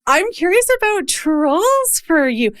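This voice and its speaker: A woman hosting a podcast interview, chatty and effusive, quick to laugh. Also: extremely high pitch, big pitch swings, a bit bright, dry recording, studio quality. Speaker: podcast host. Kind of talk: casual interview chat.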